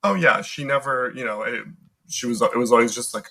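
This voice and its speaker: Young man, American accent, bright voice, middle pitch, casual podcast chat, rambling with fillers. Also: brisk, low-quality recording. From United States. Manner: chatty, lots of "like" fillers and restarts. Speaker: podcast guest. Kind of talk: casual conversation.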